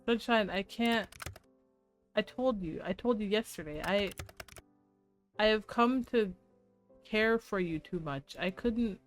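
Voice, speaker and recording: Woman reading a kind young reaper boy, slow and gentle, quiet music behind. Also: medium pitch, lightly acted. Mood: tender. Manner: gentle, tender reassurance. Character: caring young male grim reaper. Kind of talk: reading a game's dialogue aloud.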